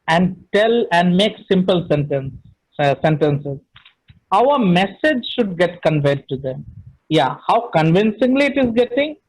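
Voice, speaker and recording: A middle-aged man with an Indian English accent and a high-sitting voice runs an online speaking-skills training session, captured with poor audio. He's emphatic and sprinkles his talk with "you know."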